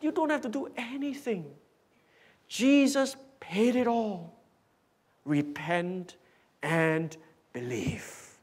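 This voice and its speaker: A man preaching a sermon in a church hall, emphatic, swinging from loud declarations to hushed whispers. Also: high voice, expressive, slow, pauses often, husky. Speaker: pastor.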